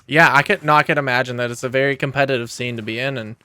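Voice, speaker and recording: A man hosting a podcast, eagerly asking his guest questions and making quick callouts while they play a game. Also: mid-range voice, fairly even intonation, bright, forceful tone, clear, resonant tone, dry recording. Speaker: podcast host. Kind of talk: casual podcast chat while gaming.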